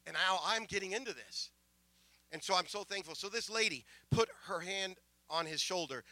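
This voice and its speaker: A middle-aged male pastor tells a story during a sermon in a high, animated, fairly quick voice with no echo. He's emotional, stammering and restarting often, and lurches from quiet asides to loud proclamations.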